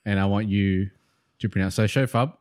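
Aussie bloke hosting a game on a podcast, low voice, relaxed and laughing along. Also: male voice, normal speed. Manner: easygoing, spells words out, laughs along. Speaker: podcast co-host running a game. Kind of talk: casual chat among friends.

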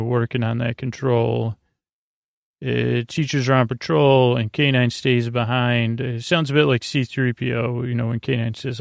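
Gravelly, flat-voiced man rambling a recap. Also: dry recording, clean studio sound. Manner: rambling, halting, many fillers and restarts; low-key monotone retelling. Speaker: podcast host. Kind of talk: sleepy bedtime episode recap.

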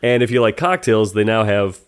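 A man co-hosting a laid-back podcast conversation. His pitch is mid-range for a man, but it swings widely as he talks. His delivery is animated and chatty. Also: brisk, smooth. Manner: animated, chatty, laughs often. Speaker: podcast co-host. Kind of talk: casual chat.

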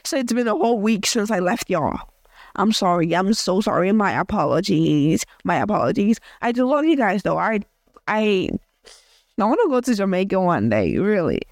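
A woman's voice: mid-range voice, big pitch swings, normal speed, no echo. Chatty young woman rambling into a close mic. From Africa. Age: young adult. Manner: chatty, rambling, many fillers and restarts. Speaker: podcast host. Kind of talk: casual audio journal rant.

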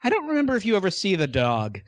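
A man's voice: high voice, quick pace, no echo. Regular guy walking friends through a movie plot, dry close mic. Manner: explains the plot, relaxed. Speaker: podcast co-host. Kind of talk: casual movie commentary.

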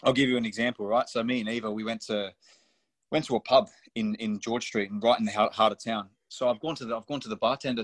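Low husky young aussie guy, swears a lot, blunt and chatty, dead dry sound. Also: fairly even intonation, fast talker, no echo. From Australia. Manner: swears often, loose and blunt. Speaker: podcast guest, professional footballer. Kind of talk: casual storytelling chat.

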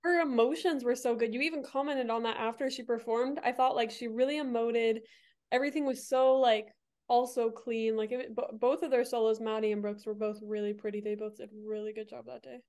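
A young woman guesting on a casual podcast. Her voice sits a touch higher than most. She talks hesitantly, restarting her sentences and leaning on filler words. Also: steady tone, a little fast, darkish tone.

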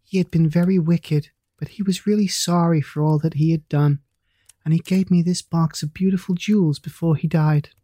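A reader voicing a young girl who speaks quietly and gravely. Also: mid-range voice, fairly even intonation, moderate pace, no room sound, studio quality, close to an everyday voice.

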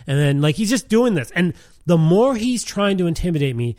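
A man's voice: a little high, big pitch swings, normal speed, a little mellow, no echo, clean studio sound. A man telling a story in casual chat, rambling with lots of fillers and laughing as he goes.

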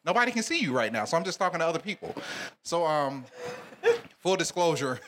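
A man's voice: a little high, very animated, a little fast, background noise. A man from Alabama with a Southern accent, hosting a live event and joking with the audience. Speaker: event host. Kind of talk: live crowd work and hosting.

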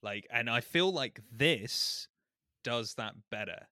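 A man on a podcast, chatting in an animated, mock-outraged way and acting out lines he quotes. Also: mid-range voice, takes it slowly, no room sound, studio quality. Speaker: podcast co-host. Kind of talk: casual chat.

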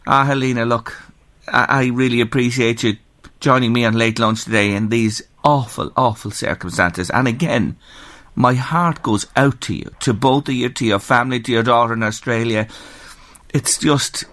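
A man's voice: mid-range voice, moderate pace, fairly bright tone, dry recording. An Irish man hosting a radio phone-in show, speaking earnestly and sombrely and reading out listener messages into a studio microphone. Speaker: radio talk show host.

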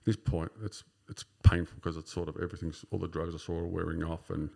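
A man's voice: low-pitched, level tone, a little fast, gravelly, dark tone. An Australian man in his fifties, a podcast guest telling his own story in a casual, rambling way with many fillers. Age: 50s. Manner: rambling, full of "sort of" and "you know" fillers.

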